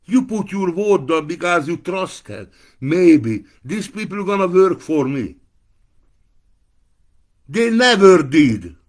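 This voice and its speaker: Man, slow, raised pitch, furious profane rant, bursts of shouting. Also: sing-song. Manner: angry, profane, shouting outbursts. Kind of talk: political rant to camera.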